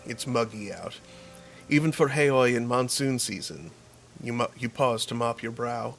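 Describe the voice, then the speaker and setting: A man streaming a game, reading its story text aloud in a measured, descriptive way. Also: medium pitch, vocal fry, a bit bright.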